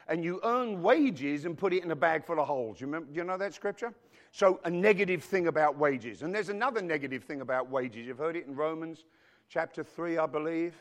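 A male pastor preaching a sermon in a church, who keeps calling out to the congregation with questions as he goes. He grew up outside the United States. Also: fairly high pitch. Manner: preachy call-and-response with the congregation.

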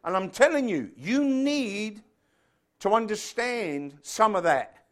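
A man preaching a sermon in a fervent way, building to loud, emphatic lines. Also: high voice, very animated, slow pace. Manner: fervent, rising to shouts.

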